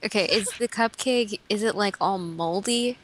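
A woman's voice: medium pitch, moderate pace. Chatty woman co-hosting a podcast. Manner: chatty, overthinks questions with many "like"s. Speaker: podcast co-host. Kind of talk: casual group chat.

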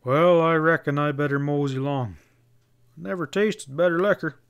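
A man's voice: fairly high pitch, moderate pace, clean tone, lo-fi sound, voice pushed up, lightly acted. A man reading an audiobook, voicing a sly, folksy frontier sheriff with a drawling manner.

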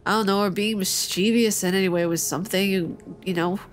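A woman's voice: mid-range voice, fairly even intonation, a little fast, slight background noise. A young woman hosting a let's-play, chatting playfully with her viewers as she plays. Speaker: gaming channel host. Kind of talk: casual let's-play commentary.

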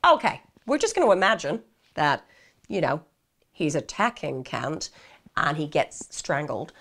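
A woman's voice: low-pitched, sing-song, measured pace. A woman telling a true crime case in a chatty way, talking directly to her viewers.

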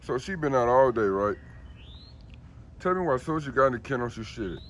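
Lively man shouting for his dogs. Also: medium pitch, fairly quick. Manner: calls and scolds his dogs, loud shouting commands. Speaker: dog owner. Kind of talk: casual vlog talking to his dogs.

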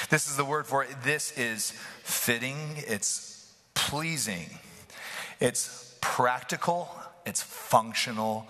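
A man preaching a lively sermon, playful and animated, who often asks the congregation questions. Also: mid-range voice, measured pace. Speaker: pastor. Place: church hall. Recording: live in a reverberant hall.

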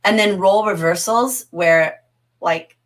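A middle-aged woman teaching a livestreamed literature class, animated and often laughing as she answers the chat. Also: medium pitch, measured pace.

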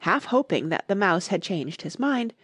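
Expressive woman reading a storybook. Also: fairly low pitch, normal speed, husky, dry recording, studio quality. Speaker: audiobook narrator.

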